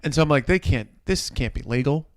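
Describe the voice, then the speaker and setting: A man co-hosting a casual podcast, telling a neighbor story with lively play-acting of each person. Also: a little high, brisk. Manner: animated storyteller, acts out neighbors with a put-on accent. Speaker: podcast co-host. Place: city apartment.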